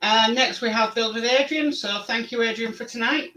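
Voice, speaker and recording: A man's voice: very high voice, moderate pace, sharp tone, distant mic, low-quality recording. A man hosting a casual model-building live stream, rambling and friendly with many fillers. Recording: voice somewhat off-mic.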